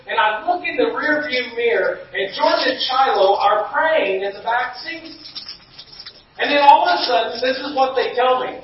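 High-voiced pastor preaching in an echoey church. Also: male voice, moderate pace. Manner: storytelling with acted-out quotes, rising to shouts. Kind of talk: sermon. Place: church sanctuary. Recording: dull, echoey hall from far off.

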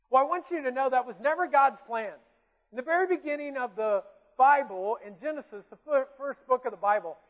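A Southern preacher with an unusually high voice for a man, talking plainly and conversationally to his congregation and tossing questions out to them. The sound is thin and tinny, like a phone line, and a long reverb trails off every phrase in the big room. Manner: conversational preaching, asks the congregation questions, light self-mocking asides. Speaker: pastor. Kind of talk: sermon. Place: church sanctuary.

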